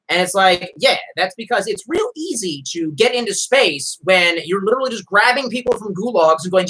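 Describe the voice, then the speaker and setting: A man's voice: sits high, animated, a little fast, hardly any pauses, a bit bright, slightly rough, poor audio. A man ranting profanely on a live stream.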